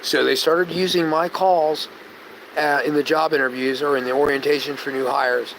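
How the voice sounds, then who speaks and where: A man chatting on a live stream, telling rambling stories and losing his train of thought, sometimes going soft and gentle. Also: a little high, moderate pace, vocal fry, a little hiss or hum, low-quality recording. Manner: tangential, storytelling, loses his train of thought; gentle, soft-spoken when calming people. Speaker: vlogger.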